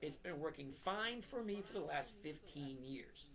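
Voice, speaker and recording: A middle-aged man talks straight to his live-stream viewers in a blunt, emphatic way. He repeats key points and slows down on purpose so they sink in, like a lecture mixed with casual chat. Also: fairly high pitch, animated, fairly bright tone. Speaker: trading live-stream host.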